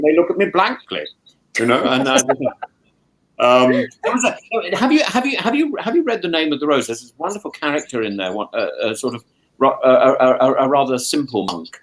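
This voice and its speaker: A man hosting a casual chat, talking with many restarts and repeated words and animated asides. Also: medium pitch, moderate pace, low-quality recording. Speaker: podcast host, professor. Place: home in lockdown.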